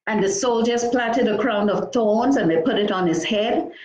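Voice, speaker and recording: A woman's voice: medium pitch, moderate pace, a little mellow, roomy sound, poor audio. A woman preaching a sermon, reading scripture aloud and breaking in with exclamations between verses.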